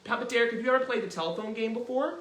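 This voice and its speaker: A man hosting a children's music lesson, talking in an animated, encouraging way and demonstrating as he goes. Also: extremely high pitch, very fast, roomy sound. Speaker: children's music teacher and host.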